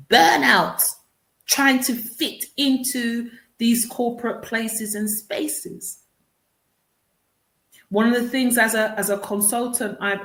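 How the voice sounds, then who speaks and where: A woman's medium-pitched, fairly bright voice answers a radio interview in her role as author and consultant. She explains things earnestly and keeps repeating words as she restarts thoughts. The sound is echoey and roomy.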